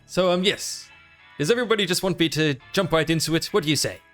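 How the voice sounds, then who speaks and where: A man chatting on a livestream in the persona of a vampire lord, easily distracted and quick to thank new followers. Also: a little high, a bit bright, faint music behind. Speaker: VTuber streamer.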